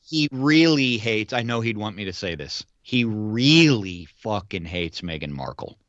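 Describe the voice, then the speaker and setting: A man co-hosting a casual podcast chat, animated and playfully indignant. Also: on the low side, measured pace, dry recording. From United States. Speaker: podcast co-host. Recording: dull lo-fi sound.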